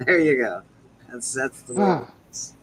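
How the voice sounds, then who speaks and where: A man's voice: medium pitch, sing-song, moderate pace, a crowd in the background, poor audio. A Canadian man co-hosting a podcast, chatting casually with wry, self-deprecating asides. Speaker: podcast co-host. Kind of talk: casual chat.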